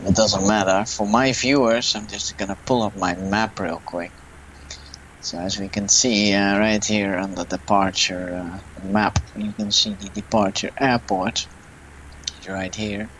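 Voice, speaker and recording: A young man with a Dutch accent talks through a flight simulator session, thinking aloud and admitting what he doesn't know. His voice sits on the low side. A faint hum of game ambience runs underneath. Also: fairly even intonation, measured pace, fairly bright tone, rough recording. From Netherlands. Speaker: flight sim gamer. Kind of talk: casual gameplay commentary.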